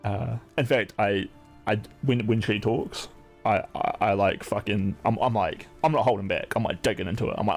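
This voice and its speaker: A man's voice: fairly low pitch, brisk, faint music behind. A man streaming, chatting casually in a rambling, profane way, full of "like" fillers.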